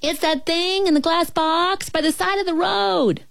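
An insistent little girl shouting across a distance in a storybook tale, voiced by a woman. Her voice jumps high and bright as she calls. The recording is close and dry. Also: steady tone, unhurried, vocal fry, no echo, heavily acted. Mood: calling out. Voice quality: high, calling from far off.

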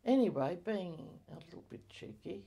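Low gravelly older woman reminiscing. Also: expressive, dark tone. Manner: hesitant, halting, many fillers and self-corrections. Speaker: interviewee. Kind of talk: oral history reminiscence.

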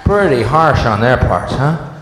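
A man doing a sarcastic stand-up rant, dropping to low mutters and then shouting. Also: big pitch swings, measured pace, echoey room, in a large hall, a little hiss or hum. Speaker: stand-up comedian.

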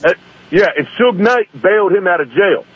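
A man's voice: high-pitched, animated, moderate pace, husky. A man calling in to a radio show by phone, ranting indignantly and fired up. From East Baltimore. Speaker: caller. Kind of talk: phone-in rant. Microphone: telephone. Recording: muffled phone line.

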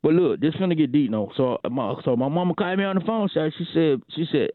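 A man's voice: fairly high pitch, expressive, quick pace, no room sound. A man, drawling and repeating himself, telling a comic story on a morning radio show. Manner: drawling, repetitive, calls everyone shawty and boy. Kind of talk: comedic morning radio monologue. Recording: tinny phone-like radio line.

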